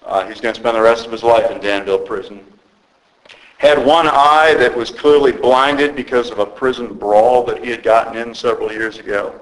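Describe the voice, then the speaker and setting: A man's voice: medium pitch, fairly even intonation, rough recording. Male pastor, earnest and conversational sermon, mid-range voice, stumbles and restarts. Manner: earnest, halting with repeated restarts.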